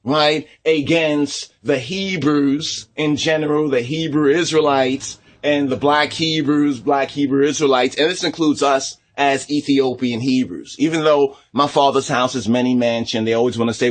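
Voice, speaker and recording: A man's voice: medium pitch, fairly even intonation, normal speed, hardly any pauses. A man giving a heated commentary vlog on religion, combative and repetitive, with frequent tag questions.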